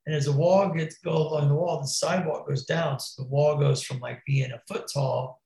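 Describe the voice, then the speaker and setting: A man's voice: fairly high pitch, fairly even intonation, normal speed, creaky, mellow, echoey room, poor audio. A man telling a wild crash story in casual, profane slang, calling the listener bro and dude. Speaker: podcast guest, BMX rider.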